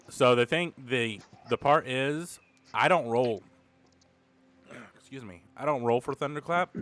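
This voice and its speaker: A man's voice: medium pitch, a bit bright, smooth, no room sound. Chatty male tabletop player. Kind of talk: casual tabletop game chat.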